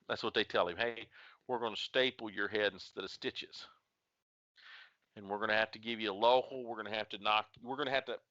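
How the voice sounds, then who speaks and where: A man's voice: lowish voice, fairly bright tone, dry recording. A man on a podcast casually retelling a story in a rambling, folksy way. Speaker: podcast co-host. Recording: dull lo-fi podcast audio.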